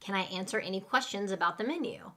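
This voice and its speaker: A woman's voice: medium pitch, fast, a bit bright, a little hiss or hum. A woman teaching a live English lesson, patiently modeling restaurant phrases for students to repeat.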